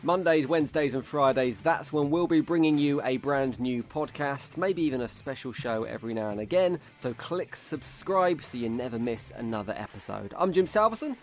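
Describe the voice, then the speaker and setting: A man hosting a football podcast, chatty and quick to laugh. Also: mid-range voice, animated. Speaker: podcast host. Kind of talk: casual football podcast chat.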